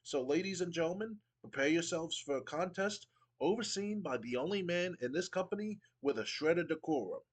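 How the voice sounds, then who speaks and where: A man's voice: on the high side, lively intonation, a little fast, voice pushed up. A man doing a pompous, sneering commissioner. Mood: haughty. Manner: haughty, lofty, condescending speech. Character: pompous, smug male wrestling commissioner who sneers at crowds.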